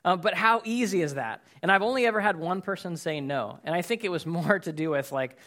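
Earnest, slightly high-voiced preacher man. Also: fairly quick, a bit bright. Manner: casual, earnest, many fillers and repeated words. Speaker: pastor. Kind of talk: conversational sermon with personal stories.

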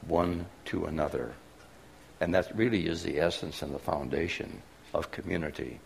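Deep husky guy talking to a crowd, asks them stuff. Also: animated, moderate pace. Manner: engages audience with questions. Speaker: speaker. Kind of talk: talk to an audience.

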